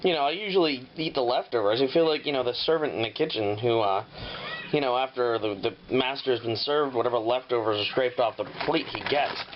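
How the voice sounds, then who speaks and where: A man's voice: mid-range voice, fairly quick. A man hosting a casual home cooking show, rambling and swearing freely as he walks through the steps in his kitchen. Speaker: home cook and show host. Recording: dull lo-fi audio with clear noise.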